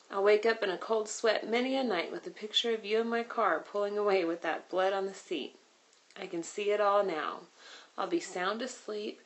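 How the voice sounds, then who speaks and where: A talkative middle-aged man with a teasing, good-humored manner, chatting from behind the wheel, as a woman voices him in a storybook reading. His voice sits at an ordinary middle pitch. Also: lightly acted, poor audio.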